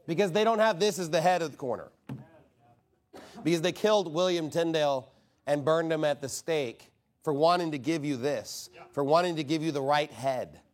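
A man's voice: a little high, normal speed. A man delivers a sermon from the pulpit. He is emphatic and rhetorical, firing questions at the congregation and mocking objections in quoted voices. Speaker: pastor.

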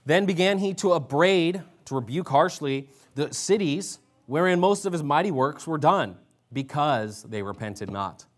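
A man's voice: on the high side, animated, a little slow. A man preaching a sermon, exhorting his listeners and reading scripture aloud with emphasis. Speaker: pastor.

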